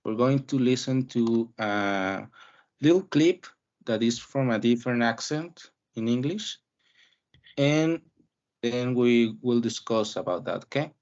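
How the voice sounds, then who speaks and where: A man's voice: mid-range voice, a little slow, a little mellow. A man teaching an English listening class, asking questions and explaining step by step in an encouraging way. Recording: dull muffled audio.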